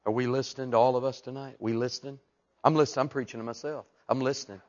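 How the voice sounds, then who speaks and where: A man preaching a fiery sermon, dropping to hushed asides and rising to loud shouted peaks. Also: mid-range voice, fairly even intonation, fast, dull audio.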